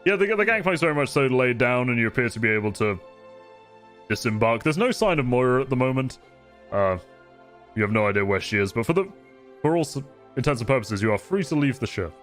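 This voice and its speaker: A man's voice: medium pitch, lively intonation, brisk, a bit bright, soft background music. A man narrating a tabletop game as game master, descriptive and often laughing.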